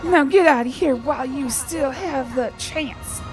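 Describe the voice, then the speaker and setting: A woman voicing a gruff male warrior with a put-on Southern US twang, drawling out orders over game music. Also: high voice, measured pace. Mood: commanding. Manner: drawling, commanding.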